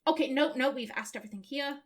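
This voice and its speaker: A woman's voice: high voice, fast talker. A woman hosting a let's play, chatting animatedly through casual gameplay commentary and reading dialogue aloud.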